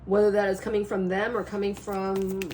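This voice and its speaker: A woman talks through a tarot spread in a loose, rambling way, forever checking in with her listener. Her voice sits in a middle range and sounds a little hoarse. A faint hiss of noise runs underneath. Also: mid-range voice, moderate pace. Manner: rambling, animated, checks in with "okay?" and "right?". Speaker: tarot reader. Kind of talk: casual spiritual reading to camera.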